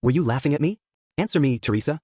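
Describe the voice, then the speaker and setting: Stern young swordsman, read by a man; quick, dry audiobook delivery. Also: on the high side, lively intonation, warm tone, breathy edge, dry recording. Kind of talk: audiobook reading.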